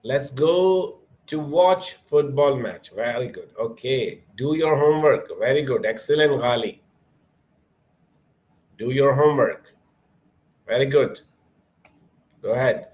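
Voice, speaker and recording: Male English teacher, unhurried and encouraging, mid-pitched voice, dull lo-fi sound. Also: lively intonation. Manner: slow, patient, encouraging, calls on students by name. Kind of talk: online classroom lesson.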